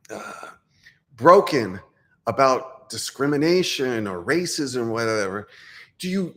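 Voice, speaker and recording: Male life coach, blunt and opinionated, casual monologue. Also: on the high side. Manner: opinionated, blunt, restarts often. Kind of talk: casual talking-head monologue.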